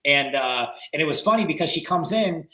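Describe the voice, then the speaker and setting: Guy on a podcast talking fast, acts out quotes, roomy echo. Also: on the high side. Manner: animated storyteller acting out quotes. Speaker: real estate agent. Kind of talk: casual podcast chat.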